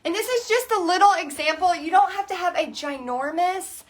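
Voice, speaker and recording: A high-pitched woman leads a casual live painting class. She is bubbly and chatty and reads viewer comments aloud between instructions. She is painting in a small home art space. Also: lively intonation, normal speed.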